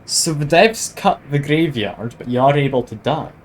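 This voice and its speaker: A man's voice: on the high side, expressive, moderate pace, slight background noise, low-quality recording. A man streaming a video game, reading the on-screen text aloud and adding wry, self-mocking asides. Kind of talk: casual let's-play narration, reading game text aloud.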